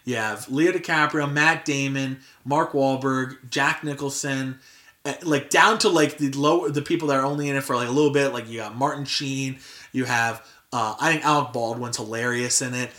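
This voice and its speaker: A young man hosts a casual podcast at an ordinary middle pitch. His voice is bright and clear. He rambles loosely, peppering his talk with "like" and restarting his sentences. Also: steady tone, moderate pace. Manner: filler-heavy, frequent "like" and restarts. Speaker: podcast host. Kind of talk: casual chat.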